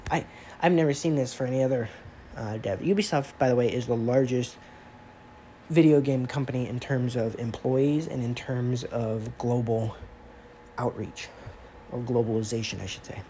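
A man's voice: medium pitch, warm tone, a little hiss or hum, rough recording. A man hosting a casual gaming commentary monologue, rambling and conversational with many fillers and restarts.

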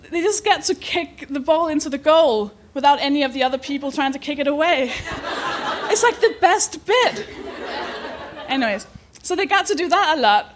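Live podcast host, woman, high giggly voice, swears, self-deprecating. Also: background noise. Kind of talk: live podcast chat before an audience.

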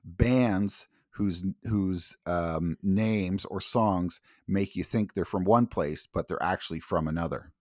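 A man's voice: sits low, slow, hardly any pauses, darkish tone, no room sound, clean studio sound. A man co-hosting a podcast in casual chat, easygoing and hesitant, with fillers. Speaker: podcast co-host.

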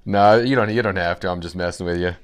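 A man's voice: low-pitched, normal speed, clear, resonant tone. A man hosting a casual interview, playful and teasing with his guest. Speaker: podcast host.

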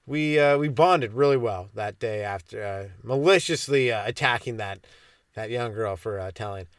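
A man's voice: on the low side, moderate pace, clear, resonant tone, no echo, clean studio sound. A man from Ontario, hosting a comedy podcast in a rambling, crude, ironic monologue that keeps interrupting itself. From Ontario, Canada.

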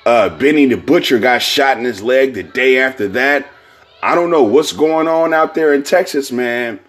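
Man, podcast host, casual rambling monologue, lots of fillers and swearing, mid-pitched voice. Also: moderate pace, fairly bright tone. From California. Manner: rambling, heavy fillers and profanity.

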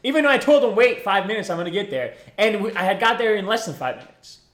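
A young man tells a rowdy night-out story with lots of swearing and laughter. His voice sits high and swings widely. The room around him is roomy and echoey. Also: fast. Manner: laughing, profane, animated retelling. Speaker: storyteller among friends. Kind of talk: casual storytelling with friends.

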